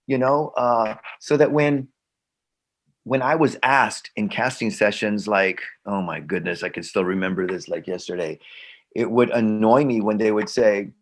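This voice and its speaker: A middle-aged man, an actor and guest, telling stories in casual conversation with frequent restarts and acted-out dialogue. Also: mid-range voice. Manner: animated, repeats himself, acts out quoted dialogue. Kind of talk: conversational storytelling.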